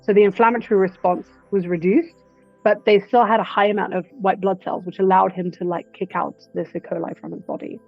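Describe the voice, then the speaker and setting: A woman breathwork instructor speaking as a guest in a casual interview, telling stories in an animated way and acting out quotes. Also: medium pitch, no echo. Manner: animated storyteller who acts out quotes. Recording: dull lo-fi dry recording.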